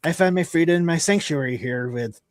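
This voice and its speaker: A man's voice: on the high side, brisk, dry recording, close to an everyday voice. A man voicing a blind, wry old dwarf hermit in a tabletop game, with a chuckling, rambling manner. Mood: wistful.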